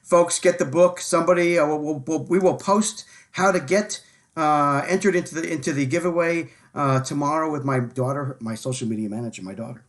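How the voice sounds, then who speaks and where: A man hosts a live sports show in a loose, casual way. He stops often with ums and repeats his words, and his voice sits a little high. He laughs easily with his guest. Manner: filler-heavy, repeats words, quick to laugh. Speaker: podcast host.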